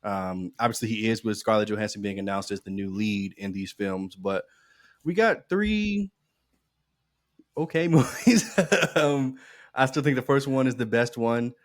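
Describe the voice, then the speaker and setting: A man co-hosting a podcast in casual chat, animated, swearing freely and laughing often. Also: on the low side, a little slow, no room sound, clean studio sound. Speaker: podcast co-host.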